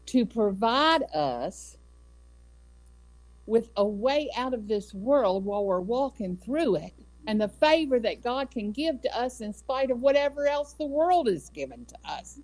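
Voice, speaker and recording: A woman speaks slowly and deliberately as she teaches from the Bible. Her delivery is earnest and measured, and she drives her points home by repeating them. Her voice sits at a middle pitch. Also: expressive, a little mellow, low-quality recording. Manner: earnest, measured, emphatic repetition. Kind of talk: devotional teaching.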